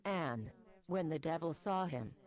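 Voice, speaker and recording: A woman's voice: sits low, expressive, measured pace, darkish tone. A woman reading a crude comic story aloud in a matter-of-fact way. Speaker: story reader.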